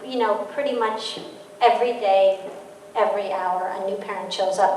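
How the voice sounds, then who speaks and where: A woman giving a parenting talk as an author, telling lively stories and acting out the quotes in them. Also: on the high side, moderate pace, slight background noise. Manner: lively storytelling, acts out quotes. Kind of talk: public lecture. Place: large hall with audience. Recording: echoey hall, distant mic.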